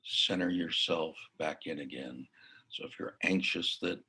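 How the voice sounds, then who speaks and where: Male mindfulness coach, husky and unhurried, casual teaching tone with soft whispered asides. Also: a bass voice. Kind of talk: casual spoken lesson.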